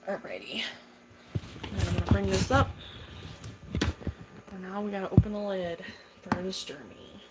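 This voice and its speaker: A woman's voice: medium pitch, normal speed, pauses often. Chatty young woman on a noisy phone stream. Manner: chatty, swears freely, coos at her spider. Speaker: tarantula keeper livestreaming. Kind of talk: casual livestream chat.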